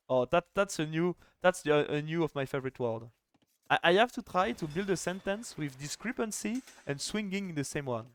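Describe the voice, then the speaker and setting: A man's voice: fairly high pitch, expressive, normal speed, no echo, studio quality. A young man casting a live strategy game final, chatty and joking, with lots of "like" fillers. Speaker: esports caster.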